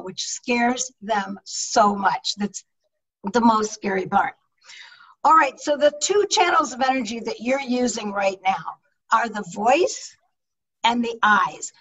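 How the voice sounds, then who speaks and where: A middle-aged woman, a public speaking coach, teaching an online leadership talk with energetic, emphatic delivery over a video call microphone. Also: on the high side, far from the mic, low-quality recording.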